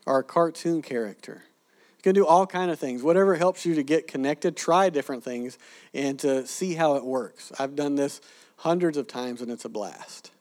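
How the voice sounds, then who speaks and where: A man teaches a congregation in a sermon-style talk, animated and conversational. He slips into quoted voices as he tells his stories. His voice sits at an ordinary middle pitch. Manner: animated storyteller, acts out quoted people. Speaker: preacher teaching evangelism.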